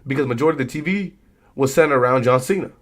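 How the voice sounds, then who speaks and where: A man's voice: medium pitch, very fast. A young man hosting a live stream, chatting casually with his viewers about wrestling in a laid-back, slangy way. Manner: laid-back, slangy, talks straight to chat.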